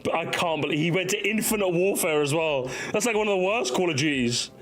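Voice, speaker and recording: A man's voice: fairly high pitch, a little fast, a bit bright. A man casually reacting to memes, laughing often, swearing and acting out little bits.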